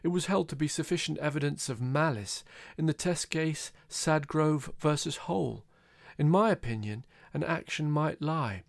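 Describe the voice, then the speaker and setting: A man's voice: fairly high pitch, moderate pace, gravelly, no echo, clean studio sound. A man reading the lines of a pedantic male lawyer who speaks precisely about points of law. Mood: lecturing.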